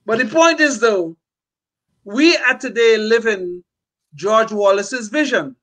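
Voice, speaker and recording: A man's voice: high-pitched, animated, slow, a bit bright. An older man co-hosting a political talk show, speaking emphatically with frequent restarts. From California. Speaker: podcast co-host. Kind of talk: political commentary.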